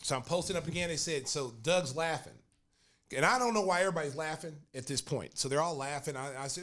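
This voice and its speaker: A man hosting a podcast, telling a story with animated energy and acting out other people's lines. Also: fairly high pitch, fast talker. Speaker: podcast host.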